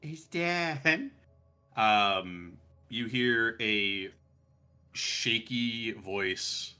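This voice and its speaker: A man's voice: fairly low pitch, extremely slow, long pauses, pushed and bright, clean tone. A man narrating as game master in a casual, laugh-filled, profane way. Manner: laughing, casual, swears freely.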